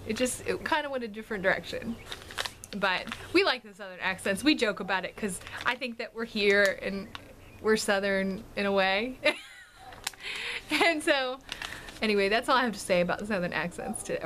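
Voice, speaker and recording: A woman's voice: mid-range voice, a bit bright, a little hiss or hum. A woman in her thirties from the Washington DC area, chatting casually to camera as a family vlogger, laughing often through rambling anecdotes. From Washington DC and Maryland area.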